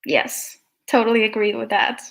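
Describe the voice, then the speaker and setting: A woman's voice: a little high, fairly even intonation, normal speed, fairly bright tone. A young woman guest on a video-call podcast interview, talking in a heartfelt, reflective way. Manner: heartfelt, reflective, with laughs and sighs. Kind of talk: emotional conversational interview.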